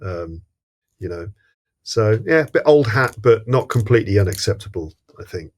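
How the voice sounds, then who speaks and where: A man's voice: lowish voice, lively intonation, moderate pace. A man co-hosting a podcast, casually discussing a film in a thoughtful way with frequent ums and restarts. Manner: thoughtful, many fillers and restarts. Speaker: podcast co-host.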